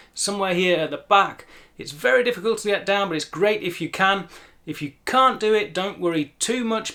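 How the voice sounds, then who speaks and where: A man's voice: a little high, fairly bright tone. A British man with a British English accent giving a pronunciation lesson, carefully repeating words to demonstrate each sound. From Britain. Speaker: language teacher.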